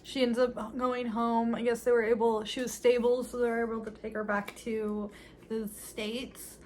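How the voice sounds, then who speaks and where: A woman's voice: fairly high pitch, flat delivery, normal speed, a little mellow. A young woman casually recapping a movie with sarcastic, giggly commentary, playfully mimicking the characters' lines.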